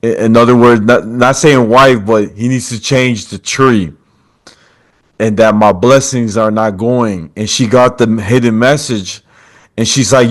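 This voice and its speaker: A man with a mid-range voice talks a little slowly as he hosts a podcast via video call. His casual storytelling includes quoted lines, and he calls his guest brother.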